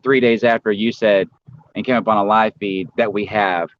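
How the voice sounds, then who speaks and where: Low-voiced rambling profane man. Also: fairly even intonation, moderate pace. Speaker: livestream co-host. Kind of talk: casual angry chat. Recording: dull lo-fi audio with faint background noise.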